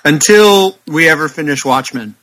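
A man co-hosts a casual podcast about comics, easygoing and wry. His voice sits a little high, with a bright, forward tone. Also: lively intonation, moderate pace, low-quality recording. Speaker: podcast co-host.

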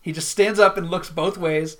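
A woman casually retelling a TV episode in chat, animated and full of laughs. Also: on the low side, normal speed.

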